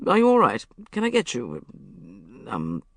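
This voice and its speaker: A narrator voicing a polite, awkward gentleman who talks hesitantly, with ums. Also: medium pitch, wildly swooping pitch, measured pace, dry recording, pitched below the performer's own voice.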